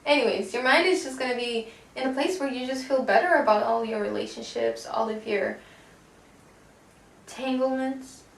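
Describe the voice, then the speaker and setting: A woman with a gravelly voice on the high side, talking at normal speed, does a chatty pick-a-card tarot reading. She uses slang, swears, and calls the listener baby. A distant mic in an echoey room catches faint noise.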